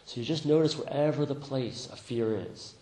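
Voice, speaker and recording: Gentle man giving a meditation talk. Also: mid-range voice, normal speed, echoey room, low-quality recording. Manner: gentle, laughs often, animated when telling stories. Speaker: meditation teacher. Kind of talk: dharma talk.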